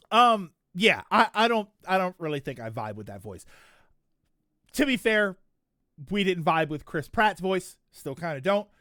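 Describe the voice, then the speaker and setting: A man's voice: sits high, fairly bright tone, dry recording, clean studio sound. A man streaming live, chatting casually and reacting to a trailer, rambling with frequent restarts. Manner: rambling, restarts, laughs often.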